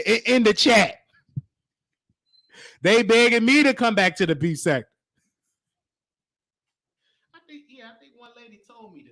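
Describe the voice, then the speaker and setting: A show host with a high-pitched, slightly bright voice riffs through casual reaction commentary. He teases and scolds in a preachy manner, stretching out every "honey."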